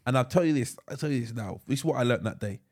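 A man, co-hosting a casual podcast chat and telling animated stories, often stammering and restarting his sentences. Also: medium pitch, rapid-fire. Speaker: podcast co-host.

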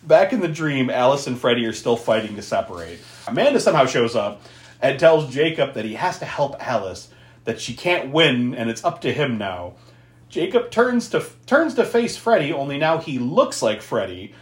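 A podcast host casually recaps a film, swearing and laughing often as he goes. His medium-pitched voice is very animated at a moderate pace, recorded in an echoey room.

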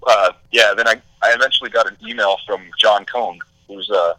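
A man's voice: lowish voice, steady tone, fairly quick, pushed and bright, no echo, low-quality recording. A man, a wrestler being interviewed, talking casually with many fillers. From Texas. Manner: laid-back, many "you know" and "uh" fillers. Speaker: guest wrestler.

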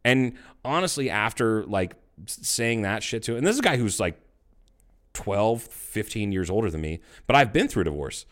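A man's voice: on the low side, lively intonation, normal speed, a bit bright. A middle-aged man in casual chat, telling stories bluntly and swearing freely. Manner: blunt storytelling, heavy swearing.

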